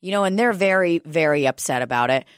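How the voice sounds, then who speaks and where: A woman's voice: deep voice, fast, clear, resonant tone, no room sound, studio quality. A woman telling a story in casual chat, swearing freely and acting it out with energy. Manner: profane, animated storyteller.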